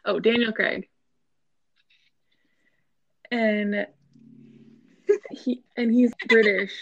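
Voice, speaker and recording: A young woman with a Minnesotan accent chatting casually as a podcast co-host, full of fillers and quick laughs. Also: mid-range voice, fairly even intonation, dry recording, muffled recording. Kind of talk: casual chat.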